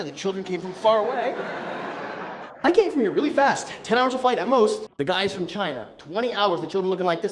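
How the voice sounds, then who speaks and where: A man from Brazil telling a stand-up comedy story on stage, animated and bursting into shouted exclamations. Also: high voice, slight background noise.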